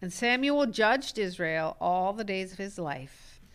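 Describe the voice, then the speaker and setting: A woman reading scripture aloud in a Bible study, with a clear and expressive delivery. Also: mid-range voice, unhurried.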